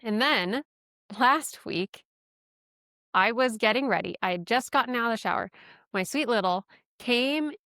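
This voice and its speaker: Chatty woman with a smooth, crisp voice. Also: on the high side, lively intonation, measured pace, pauses often, sharp tone, no room sound, studio quality. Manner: chatty, self-deprecating, laughs often. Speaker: podcast host. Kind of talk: casual personal storytelling.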